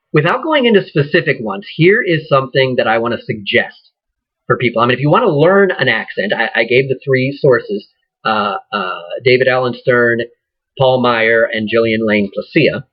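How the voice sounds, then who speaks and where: Man, acting teacher, husky voice, casual rambling lecture, muffled lo-fi audio. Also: mid-range voice. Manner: conversational, rambling, frequent ums. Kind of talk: informal lecture.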